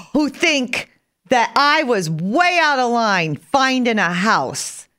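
A woman radio host makes her case insistently and with emphasis. Her voice sits a little high and moves lively up and down. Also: slow. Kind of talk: casual radio chat.

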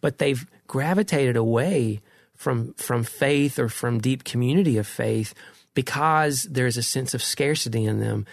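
A man's voice: mid-range voice, a little slow, vocal fry, no echo, studio quality. A middle-aged man in a casual conversation about faith, earnest and reflective, often restarting his sentences.

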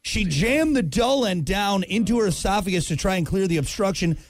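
A man's voice: high-pitched, normal speed, no room sound. A man hosting a morning radio show, telling stories with self-deprecating humor and reading ads. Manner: animated, self-deprecating storytelling with laughs. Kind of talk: morning radio banter and ad reads. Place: radio studio. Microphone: studio microphone.

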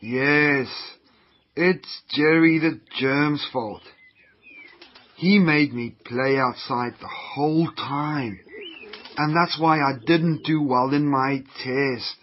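A man's voice: fairly high pitch, takes it slowly. A man voicing a whiny, easily led young schoolboy in a children's radio drama, with a slightly dull lo-fi sound. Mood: sulky. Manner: whiny, sulky complaining.

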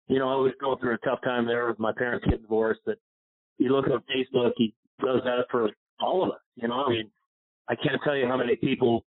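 A man's voice: mid-range voice, steady tone, a little fast. Man telling stories over a phone line. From Pennsylvania. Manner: rambling, warm storytelling with many "you know"s. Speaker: golf instructor, guest. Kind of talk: casual storytelling interview. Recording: phone-like narrow sound.

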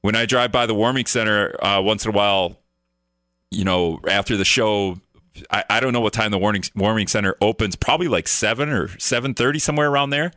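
Bright, rambling male radio host. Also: on the low side, fairly quick, no room sound, studio quality. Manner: rambling, self-correcting, joking sarcastically. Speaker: radio talk show host. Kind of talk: casual solo radio talk.

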